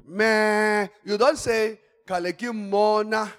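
A man preaching a sermon, swinging from quiet asides to shouted exhortation. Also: on the high side, lively intonation, normal speed. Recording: long church-hall reverb.

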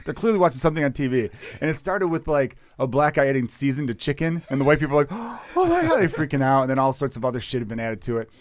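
An American man hosting a podcast, telling stories in an animated, profane, casual way. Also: medium pitch, rapid-fire, hardly any pauses. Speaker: podcast host.

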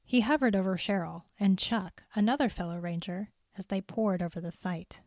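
A woman telling a story in calm, measured scripted narration. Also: medium pitch, no room sound, studio quality.

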